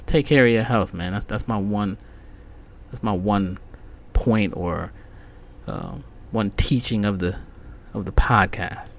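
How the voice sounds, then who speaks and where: A man's voice: fairly low pitch, slow pace, long pauses. A man hosting his own podcast, telling a heated, profanity-heavy story in a casual rant. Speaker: podcast host.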